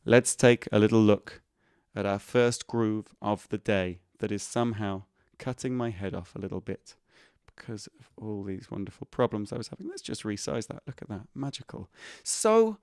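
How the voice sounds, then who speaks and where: A man's voice: lowish voice, expressive, normal speed, smooth, no room sound, studio quality. A man with an English accent teaching a live online drum lesson, explaining grooves and vocalizing drum beats as he goes. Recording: over loud drum and click music. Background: drum kit music.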